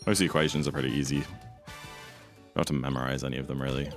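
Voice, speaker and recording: A young British man chatting casually while streaming a speedrun, rambling with sudden excited outbursts. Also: extremely low pitch, racing, over music. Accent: British English. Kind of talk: casual livestream chat.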